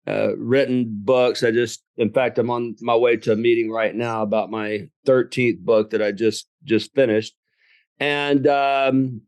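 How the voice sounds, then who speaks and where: A man's voice: medium pitch, smooth, no echo. A middle-aged man with a Southern US accent, from southern Alabama, telling his life story as an interview guest in a folksy, joking way. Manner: folksy, jokes and laughs at own stories. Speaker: guest, business coach and author.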